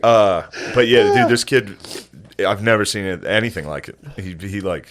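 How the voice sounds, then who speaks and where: A man's voice: lowish voice, normal speed. Laid-back man telling a bar story. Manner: laid-back storytelling, lots of laughing and swearing. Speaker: podcast co-host. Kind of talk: casual chat.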